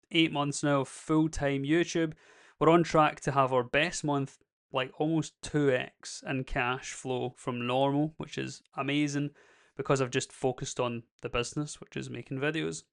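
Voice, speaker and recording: Gravelly Scottish man, candid vlog. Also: mid-range voice. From Scotland. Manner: candid, rambling and self-deprecating. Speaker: YouTube creator. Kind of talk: casual vlog monologue.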